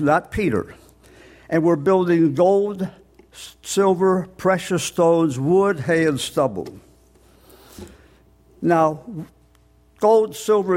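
An older man preaching a sermon, explaining scripture step by step in a plain teaching tone and slowing down on key words. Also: high voice, darkish tone.

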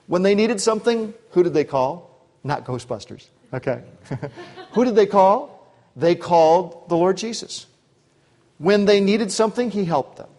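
A man's voice: high voice, lively intonation, a little slow, darkish tone. A man preaching a sermon in a conversational way, with asides and acted-out quotes. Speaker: pastor. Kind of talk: expository sermon.

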